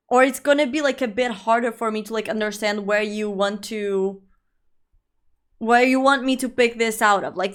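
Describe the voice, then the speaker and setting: A young woman livestreaming and chatting with her audience, rambling with lots of fillers and calling viewers "my love". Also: a little high. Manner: rambling, filler-heavy, affectionate with chat. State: allergies. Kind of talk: casual livestream chat.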